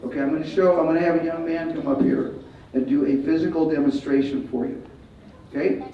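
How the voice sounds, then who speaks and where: A male martial arts instructor leading a school assembly, giving loud commands and calling for the kids to repeat after him. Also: a little high, fairly even intonation, fairly quick, a little hiss or hum. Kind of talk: school assembly talk with call-and-response. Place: large school hall or gym. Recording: echoey hall, distant, dull sound, faint crowd.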